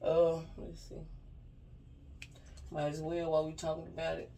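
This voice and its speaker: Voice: medium pitch, monotone, normal speed, warm tone. A spiritual advisor giving a casual card reading straight to viewers, earnest and rambling, often repeating "you know what I'm saying.". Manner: earnest and heartfelt, speaking directly to viewers.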